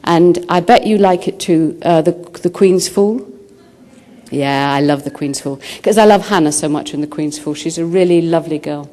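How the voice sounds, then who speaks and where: A woman author answering students' questions, telling stories in a lively way and acting out the quotes. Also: low-pitched, normal speed. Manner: lively storyteller who acts out quotes. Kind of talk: school talk answering questions. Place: high school.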